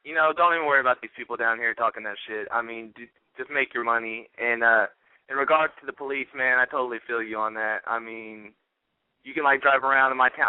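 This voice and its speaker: A man's voice: mid-range voice, clean tone, no echo. A male caller on a radio show, talking casually and backing the host. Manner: casual, supportive. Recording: tinny phone line.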